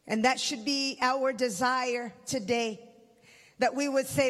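Very high-voiced man preaching in a reverberant hall. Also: fairly even intonation, slow. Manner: impassioned, swelling into loud cries and dropping to hushed tones. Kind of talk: sermon.

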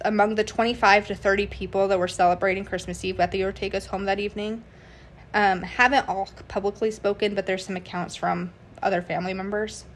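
Casual woman narrating true crime. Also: mid-range voice. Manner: casual, reads from notes with fillers and restarts. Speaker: podcast host.

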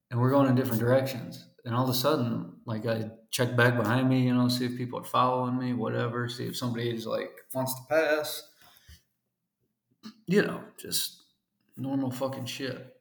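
A man's voice: medium pitch, vocal fry, echoey room. A man in his twenties telling a story in a casual, profane rant, full of fillers. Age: 20s. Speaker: podcast host.

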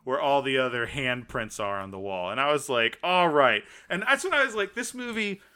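A man chatting casually as a podcast co-host, his voice bright and forceful. He talks excitedly, acting out his own reactions as he retells a story. His delivery is lively and conversational. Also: mid-range voice, fairly quick, clean tone. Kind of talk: casual chat.

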